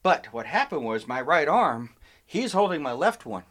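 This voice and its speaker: A man's voice: on the high side, normal speed. A man telling a long, rambling personal story in casual chat with a friend, stopping and restarting his sentences. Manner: rambling, animated anecdote with self-interruptions. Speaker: podcast co-host telling a story.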